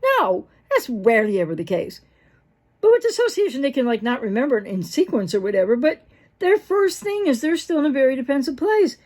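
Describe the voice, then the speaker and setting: High-voiced, animated woman explaining. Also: brisk. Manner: animated, acts out quoted dialogue with big pitch jumps; rambling, with fillers and self-interruptions. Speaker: mental health professional; host of a breakup recovery channel. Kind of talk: unscripted talking-head explainer.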